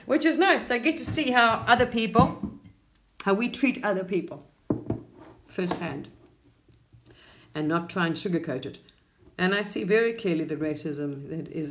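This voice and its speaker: A woman's voice: on the low side, roomy sound, slight background noise. A middle-aged woman from England, chatting casually and reflectively on a live stream, rambling and laughing often.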